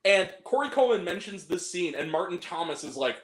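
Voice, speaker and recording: A man with a high, very lively voice, talking in an animated way during a casual podcast chat about movies. He swears freely and throws in exaggerated reactions. The room has a noticeable echo. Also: a little fast. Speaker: podcast co-host.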